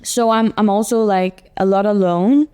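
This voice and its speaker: A woman's voice: medium pitch, fairly even intonation, normal speed, dark tone, smooth. A young adult woman from Denmark with a Danish accent, a musician talking candidly and reflectively in an interview, often searching for words. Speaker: musician, duo member. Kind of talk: casual interview chat.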